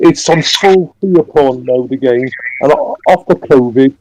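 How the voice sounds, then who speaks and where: A man's voice: medium pitch, unhurried, darkish tone, slight background noise, rough recording. A Welsh man on a live online panel, giving his views casually, often stumbling and repeating words as he starts. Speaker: panel guest. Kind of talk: casual opinionated discussion.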